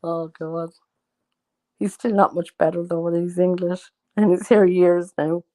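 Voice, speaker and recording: A woman's voice: fairly low pitch, steady tone, moderate pace, mellow, no room sound. A woman chatting casually at home, rambling through stories with plenty of fillers. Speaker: host. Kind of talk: casual chat.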